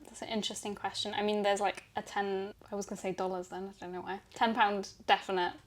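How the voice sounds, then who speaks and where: A young woman from Germany, a guest in a casual chat, talking in a chatty way with quick asides and frequent laughs. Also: medium pitch, flat delivery, a little hiss or hum. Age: young adult.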